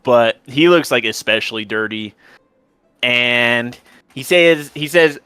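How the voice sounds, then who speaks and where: A man's voice: mid-range voice, takes it slowly, sharp tone, clean tone, no room sound. A man running a tabletop game as game master, narrating in a casual, rambling way full of fillers.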